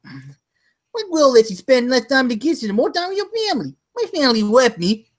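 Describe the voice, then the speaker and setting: A man putting on an impression of a raging boxer selling a grill in a crude, shouted infomercial. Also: extremely high pitch, very animated, brisk, pitched above the performer's own voice.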